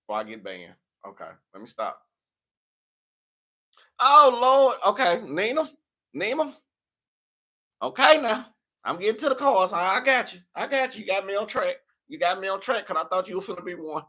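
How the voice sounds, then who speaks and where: A man's voice: sits high, very animated, moderate pace, pauses often, pushed and bright. A man from Tennessee with a Southern accent, a tarot reader chatting live in a playful, preachy, scolding way. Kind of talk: live tarot reading chat.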